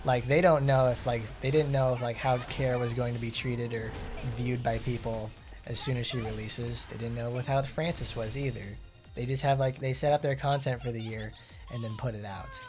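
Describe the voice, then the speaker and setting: A man's voice: medium pitch, fairly even intonation, moderate pace, music in the background. A man streaming a game and chatting casually, rambling with lots of fillers and blunt, profane asides. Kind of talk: casual gameplay commentary.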